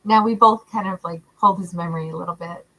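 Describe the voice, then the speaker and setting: A woman hosting a livestream, greeting viewers by name in a warm, affectionate, chatty way and laughing often. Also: lowish voice, quick pace, rough recording. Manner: warm, affectionate, calls viewers love and honey. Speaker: tarot livestream host. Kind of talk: casual livestream chat reading out viewer comments.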